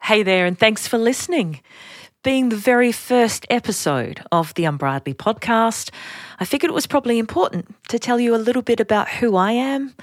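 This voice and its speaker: A woman's voice: medium pitch, no room sound, studio quality. A middle-aged woman with an Australian accent, hosting a podcast and telling personal stories in a chatty, self-deprecating way. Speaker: podcast host. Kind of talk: personal storytelling.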